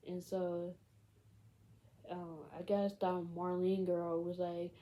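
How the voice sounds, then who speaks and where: A woman's voice: fairly low pitch, flat delivery, takes it slowly, dark tone, low-quality recording. A woman casually retelling a film's plot in a rambling way, filling every gap with "like" and "you know". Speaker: film recap vlogger.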